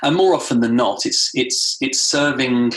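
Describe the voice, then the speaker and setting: A man, a guest trainer in a podcast interview, telling stories animatedly and acting out quotes. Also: normal speed. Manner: animated storytelling, acts out quotes with rising pitch. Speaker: guest, time management trainer. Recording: roomy echo.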